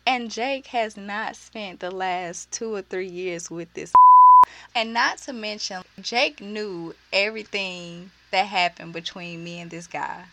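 A young woman telling a story in a casual vlog, animated and sassy, full of slang and profanity, jumping into high voices when she quotes people. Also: slow pace, slight background noise. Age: young adult. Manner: uses slang and profanity freely.

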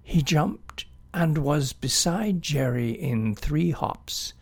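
A man reading a children's animal story aloud in an expressive, unhurried way. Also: fairly high pitch, slightly rough.

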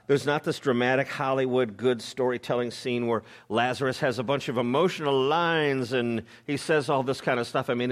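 Man preaching a casual, joking sermon. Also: medium pitch. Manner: informal, joking asides, frequent fillers and restarts. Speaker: pastor. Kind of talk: conversational sermon.

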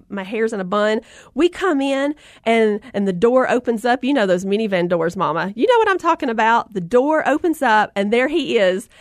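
A woman in her thirties with a Southern accent, telling a lively family story and turning it into faith encouragement for listeners. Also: on the high side, no echo, studio quality. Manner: animated storyteller, acts out voices, talks to audience directly. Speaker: mom and motivational speaker.

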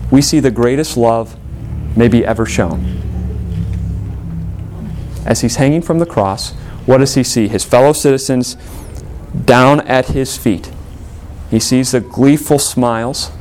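A man preaching a sermon, earnest, with emphatic rises in pitch and soft, low drops when quoting prayers. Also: a little hiss or hum. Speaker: pastor.

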